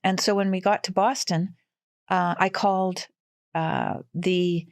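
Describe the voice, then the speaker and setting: Woman in her sixties, from western Canada, animated storyteller, laughs often, dry close sound. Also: on the low side, slow, no room sound. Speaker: guest. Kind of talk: casual storytelling.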